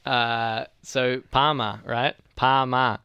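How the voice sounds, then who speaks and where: Smooth-voiced Australian man arguing playfully. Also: medium pitch, normal speed, fairly bright tone, no echo, dull audio. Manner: playful, mock-indignant arguing. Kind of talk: casual debate chat.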